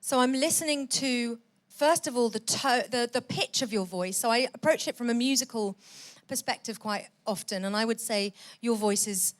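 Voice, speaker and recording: Bubbly comedian lady guest, bit high voice, live on stage chatting. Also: moderate pace. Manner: bubbly, laughing easily. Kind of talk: live podcast interview on stage. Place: theatre stage with audience.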